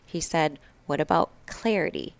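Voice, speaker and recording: A woman's voice: low voice, moderate pace, creaky. A woman in her thirties, a podcast guest telling a candid, emotional personal story with swearing and laughs.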